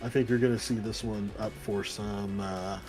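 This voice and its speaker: A man's voice: lowish voice, steady tone, a little mellow, soft background music. Rambling, profane man recapping comics. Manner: rambling, profane, acts out characters in quick asides. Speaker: podcast co-host. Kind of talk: casual comic book review chat.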